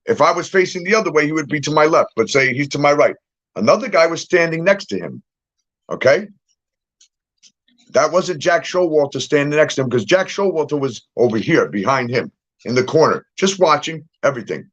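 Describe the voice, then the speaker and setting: A man's voice: a little high, lively intonation, fairly quick, muffled recording. Emphatic man checking in with "okay?". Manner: emphatic, repeats "okay?" and "all right?" to the viewer; moves around, gets up to act things out. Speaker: social media commentator. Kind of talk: casual monologue to followers.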